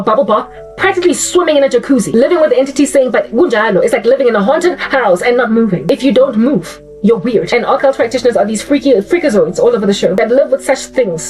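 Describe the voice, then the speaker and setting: A woman's voice: a little high, a little mellow. A woman giving impassioned religious commentary, fervent and emphatic, often repeating her phrases. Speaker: Christian vlogger. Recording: distant mic with faint music.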